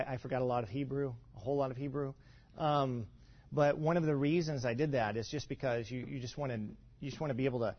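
A pastor teaching a congregation in a loose, conversational way, full of fillers, restarts and rhetorical asides. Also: male voice, medium pitch. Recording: dull lo-fi sound.

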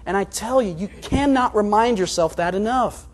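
A man preaching a sermon in an earnest, confessional way, moving between hushed and loud passages. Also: sits high, normal speed, a little hiss or hum. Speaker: pastor.

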